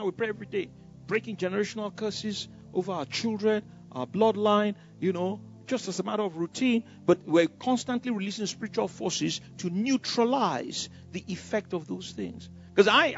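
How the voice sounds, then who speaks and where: A male pastor preaching an emphatic, animated sermon, laughing often. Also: high-pitched, fairly quick, dull audio, soft background music.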